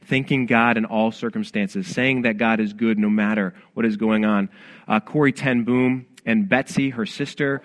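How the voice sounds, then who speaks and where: A man preaching a sermon as pastor, earnest and conversational, with frequent restarts. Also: fairly low pitch.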